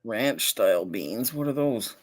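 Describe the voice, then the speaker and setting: Rambling man with a lively, swinging voice. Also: fairly low pitch, a little slow. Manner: rambling, chuckles often, lots of filler words. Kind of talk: casual chat.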